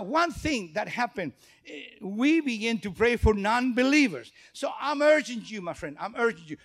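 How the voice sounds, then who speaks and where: A male pastor preaching a sermon, telling stories and acting out dialogue in English that is not his first language. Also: very high-pitched. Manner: animated storytelling, acts out dialogue; non-native English phrasing.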